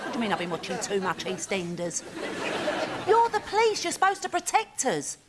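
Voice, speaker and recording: An actress playing an indignant, quick-tempered housewife married to a prisoner. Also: female voice, medium pitch, wildly swooping pitch, crowd noise. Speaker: sitcom character. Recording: audible background noise.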